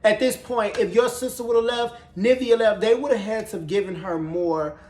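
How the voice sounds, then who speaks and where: A man recapping a TV show episode in casual, gossipy chat, sassy and profane, with animated storytelling. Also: sits high, normal speed. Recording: roomy echoey room.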